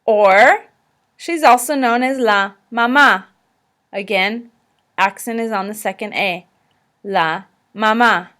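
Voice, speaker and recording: Woman, teacher, slideshow lesson, slow and deliberate, somewhat high voice, repeat-after-me prompts. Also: fairly bright tone. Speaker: language teacher.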